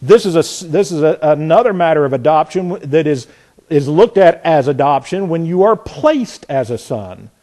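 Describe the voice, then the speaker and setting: A man preaching a sermon, questioning the congregation and reading scripture aloud, building from soft to emphatic. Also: fairly high pitch, lively intonation, normal speed. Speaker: pastor.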